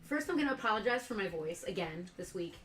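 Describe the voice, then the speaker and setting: A woman's voice: medium pitch, lively intonation, fast, fairly bright tone. A woman with a scratchy voice co-hosting a casual toy store livestream, chatty and joking as she rambles. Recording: echoey room.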